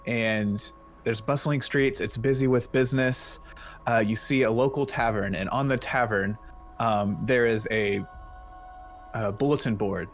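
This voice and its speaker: A man narrating a tabletop game as game master, relaxed and hesitant, with many pauses. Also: mid-range voice, soft background music.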